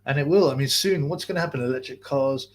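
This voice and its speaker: Male streamer, husky voice, mid pitch, loose sweary rambling commentary. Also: quick pace. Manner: rambling, profane, restarts sentences often. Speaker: boxing channel host. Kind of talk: casual live-stream rant.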